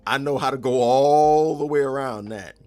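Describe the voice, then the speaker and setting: A man's voice: medium pitch, moderate pace, darkish tone, faint music behind. Laid-back joking man streaming. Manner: loose, joking, laughs often, talks to chat. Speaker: game developer streamer. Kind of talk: casual live stream chat.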